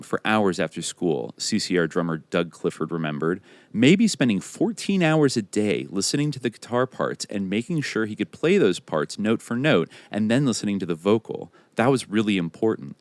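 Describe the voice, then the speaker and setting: Male podcast host, very low voice, lively delivery, dry close sound. Reads biography passages aloud. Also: normal speed, few pauses, no echo.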